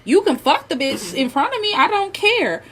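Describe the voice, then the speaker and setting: A woman's voice: very high-pitched, very animated, moderate pace, fairly bright tone, slight background noise, poor audio. A woman co-hosting a casual talk show, outspoken and chatty, backing up her friend as they talk openly. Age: adult with a son. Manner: outspoken, chatty, agrees a lot. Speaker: podcast co-host. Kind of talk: frank casual girl talk.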